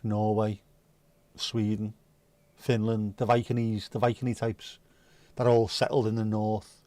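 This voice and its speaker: A man's voice: fairly low pitch, warm tone, dry recording. Male stream host, rambling casual chatter with plenty of swearing, dry close sound. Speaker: livestream host. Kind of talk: casual chat reading viewer comments.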